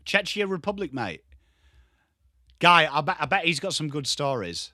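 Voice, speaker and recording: An English man hosting a live football watchalong, chatting with his viewers and swearing casually while he calls the play and shouts at big moments. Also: on the high side, big pitch swings, moderate pace, no echo, studio quality. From England. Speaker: livestream host.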